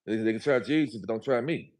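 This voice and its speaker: A man's voice: mid-range voice, quick pace, a little mellow. A man speaking as a guest on a livestream, talking in a preachy, emphatic, motivational way and repeating his phrases. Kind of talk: motivational live chat.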